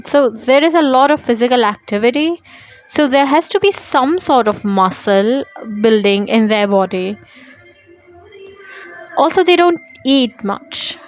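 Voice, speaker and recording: A woman's voice: fairly high pitch, expressive, unhurried, dry recording, faint music behind. A woman reading a novel aloud and breaking off for casual, opinionated asides to her listeners. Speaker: book reader.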